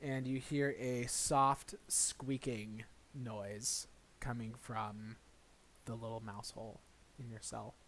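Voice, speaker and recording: This dungeon master narrates his tabletop game loosely, pausing, using fillers, and restarting sentences. He speaks at a medium pitch, and there's a slight hiss or hum in the recording.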